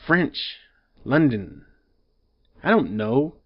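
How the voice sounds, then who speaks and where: A man's voice: mid-range voice, normal speed. A man casually reviewing a movie at home, rambling with lots of fillers and growing exasperated. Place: home room. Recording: slightly dull lo-fi audio.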